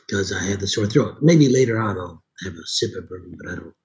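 A man's voice: sits low, animated, fast talker, darkish tone, highs cut off. A middle-aged man from Chicago, a voice actor nursing a sore throat, chatting casually with many restarts and asides. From Chicago, USA. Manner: rambling, with frequent restarts. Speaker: voice actor and audiobook narrator. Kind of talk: casual conversation.

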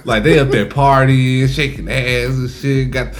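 A man's voice: medium pitch, unhurried, faint music behind. A man talking casually as a co-host, blunt and swearing freely. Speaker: podcast co-host. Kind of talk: casual chat.

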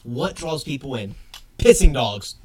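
Excitable man cracking crude jokes. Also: mid-range voice, measured pace, a crowd in the background. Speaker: podcast co-host. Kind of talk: casual chat.

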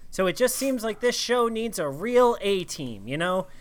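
A man playing a male adventurer who pitches himself to a king in a rambling salesman patter full of fillers. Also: big pitch swings, moderate pace. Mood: wheedling.

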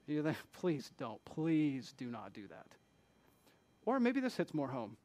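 High-voiced pastor preaching with animated swings. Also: male voice, takes it slowly, pauses often. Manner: animated, swings from quiet asides to loud emphatic bursts; asks the congregation rhetorical questions. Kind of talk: conversational sermon.

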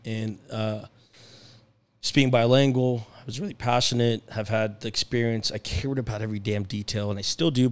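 A young man, a podcast guest, chatting casually and telling animated stories about his career, acting out phone calls and laughing often. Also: on the low side. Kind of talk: casual storytelling chat. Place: podcast studio.

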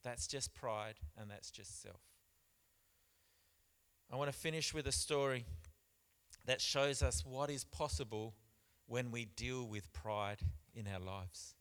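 Emphatic preaching man, smooth voice. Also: mid-range voice, slow pace. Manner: preaching with emphatic repeats, shifting loud and soft. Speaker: pastor. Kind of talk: sermon. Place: church.

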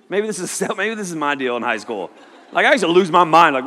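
A man's voice: fairly high pitch, sing-song, brisk, a bit bright. A man preaching a sermon as pastor, joking and acting out the people he quotes. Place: church auditorium. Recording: long hall reverb.

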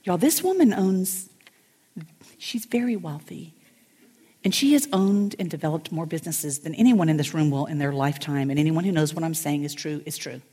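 A middle-aged woman, a pastor's wife telling lively stories from a stage and acting out her friend's voice. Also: normal speed, slightly rough. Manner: animated, acts out friends' voices with big pitch jumps. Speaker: pastor's wife speaking at a women's church event. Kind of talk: lively storytelling talk. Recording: hall reverb, from stage mic.

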